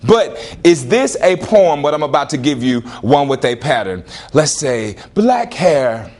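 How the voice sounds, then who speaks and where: A man teaching a classroom lesson, questioning students and repeating prompts in an animated way. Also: on the high side, a little slow.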